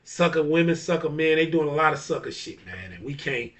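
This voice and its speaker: A man's voice: fairly high pitch, animated, fairly quick, fairly bright tone, distant mic. A man, a barber and DJ, hosting a casual monologue in a blunt, profane style, laughing often. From Chicago area. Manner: blunt, profane, laughs often, repeats "you know what I'm saying". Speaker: barber and DJ hosting a talk video.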